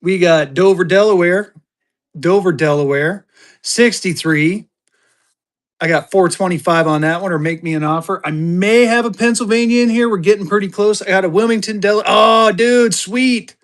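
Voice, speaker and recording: A man from Colorado hosting a live selling stream, talking fast in an upbeat sales patter. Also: high voice, fairly even intonation. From Colorado, USA. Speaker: live-stream currency seller.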